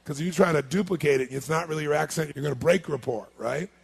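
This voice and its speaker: A man giving an energetic seminar talk, firing questions at a live audience. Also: fairly high pitch, fast, vocal fry, breathy edge. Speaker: motivational speaker.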